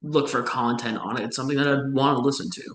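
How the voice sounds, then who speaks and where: A young man co-hosting a podcast, reviewing albums in a measured, analytical way with frequent restarts. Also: medium pitch, steady tone, fairly bright tone, reverberant, poor audio. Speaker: podcast co-host. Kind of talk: casual music review chat.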